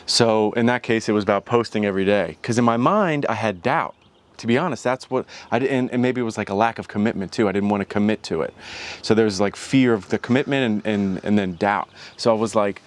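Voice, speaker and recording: A man's voice: on the low side, fairly quick. A man hosting his own vlog, talking casually in a rambling, reflective way and often restarting his sentences. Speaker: channel host.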